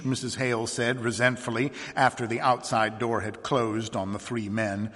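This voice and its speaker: A man reading a short story aloud in a measured, expressive narration. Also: mid-range voice, long reverb tail. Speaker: reader.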